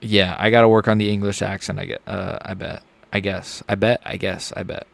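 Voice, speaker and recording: A man streaming a live fight reaction, excitable and joking, often blurting out swear words. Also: on the low side, a little fast, gravelly.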